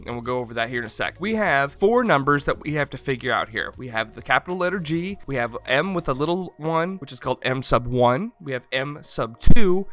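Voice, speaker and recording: A man's voice: medium pitch, a bit bright. A man with a slight Southern twang hosting a casual comedic science explainer, irreverent and swearing freely. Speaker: science video host.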